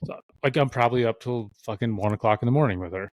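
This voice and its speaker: A man's voice: mid-range voice, fast talker, a little mellow, no room sound. A young man, a podcast guest, telling a long casual story, rambling and swearing often and acting out what others said. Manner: rambling, heavy swearing, acts out quoted voices.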